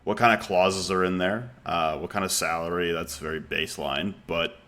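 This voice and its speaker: A man co-hosting a podcast, arguing his opinions hard and swearing often. His voice is very low but bright and forceful. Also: normal speed. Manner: opinionated, profane, argumentative. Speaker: podcast co-host. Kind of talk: casual podcast discussion.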